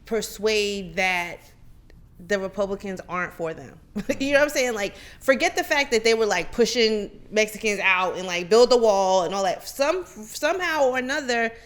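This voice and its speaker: A woman's voice: medium pitch, animated, moderate pace, fairly bright tone. A woman co-hosting a podcast, chatting about politics and readily agreeing with the others. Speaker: podcast co-host. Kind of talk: casual political chat.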